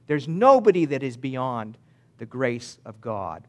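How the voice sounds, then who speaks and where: A man preaching a sermon with emphatic delivery, swinging between loud declarations and hushed words, and reading scripture slowly and deliberately. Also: mid-range voice, sing-song. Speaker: pastor.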